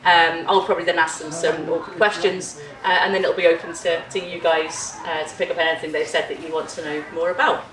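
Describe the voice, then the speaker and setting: Woman, conference panel chair, lower voice, chatty and laughing, echoey hall, distant mic. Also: little pitch movement, fairly quick, hardly any pauses, fairly bright tone, slight background noise. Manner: chatty, laughing, lots of ums. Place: conference room.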